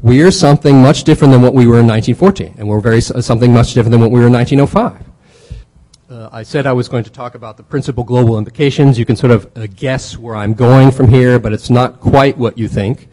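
Lecturer, male, mellow low-toned voice, loose and halting, full of "uh" and "sort of", leans hard on his key points. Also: low-quality recording. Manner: halting, many fillers and restarts; conversational, animated emphasis. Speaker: history lecturer. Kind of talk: academic lecture.

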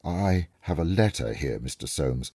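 A man's voice: rumbling low, lively intonation, measured pace, warm tone, husky, dry recording, studio quality, full character voice. A man reading a story aloud, voicing an ashamed young male student who speaks hesitantly and apologetically. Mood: contrite.

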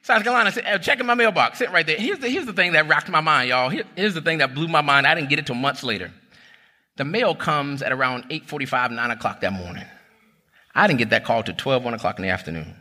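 His voice fairly high, very bright and ringing, a pastor in his thirties preaches a sermon in an animated, conversational way, shifting between stories and exhortation and addressing the crowd as "y'all." Long church-hall reverb follows each phrase.

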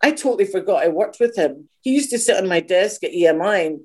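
A middle-aged Scottish woman, a singer, telling animated anecdotes as a guest, acting out other people's voices and swearing freely. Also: lowish voice, fast. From Scotland.

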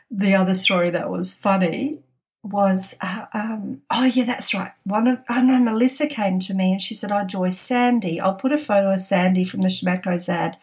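Woman, middle-aged, podcast host; casual storyteller, chatty and quick to laugh. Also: medium pitch, a little mellow. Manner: chatty, laughs often while telling.

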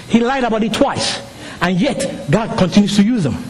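Male pastor, middle-aged, non-native English speaker, high and lively voice, animated sermon delivery, faint background hum. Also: fairly quick. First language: not English. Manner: animated storytelling, rising to shouts.

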